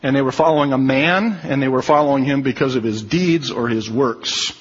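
A man's voice: medium pitch, fairly quick, big-room sound, dull audio, slight background noise. A man preaching a sermon, emphatic and repeating his key phrases.

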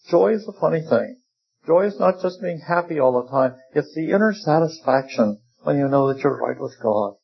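An older man preaches in a gravelly, husky voice that sits a little high for a man. He talks in a folksy, wry way and drops in humor. The recording sounds dull and lo-fi. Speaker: preacher and seminary teacher. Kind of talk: sermon.

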